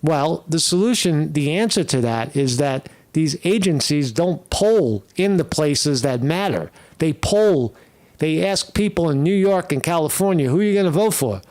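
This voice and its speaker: A man's voice: fairly high pitch, lively intonation, unhurried, darkish tone. A man hosting political commentary, blunt and scornful, swearing often as he reacts to clips. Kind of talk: opinionated commentary over clips.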